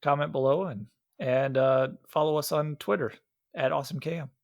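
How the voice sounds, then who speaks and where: A man's voice: on the high side, fairly even intonation, moderate pace, vocal fry, dry recording, studio quality. A man from Iowa co-hosting a podcast, chatting casually about a movie with many fillers and restarts. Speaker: podcast co-host.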